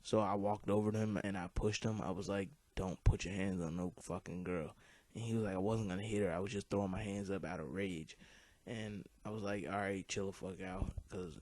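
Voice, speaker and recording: A man's voice: fairly low pitch, fairly even intonation, fairly quick, a little mellow, no room sound. A teenage boy telling a long personal story over gameplay, rambling, swearing freely and filling his talk with "like". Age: teens. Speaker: gaming commentator.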